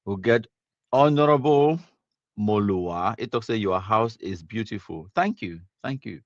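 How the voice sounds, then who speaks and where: A man's voice: fairly low pitch, lively intonation, a little slow, no echo, highs cut off. A man with a Cameroonian accent hosting a live stream, casually reading viewer comments aloud, mixing in Pidgin and laughing often.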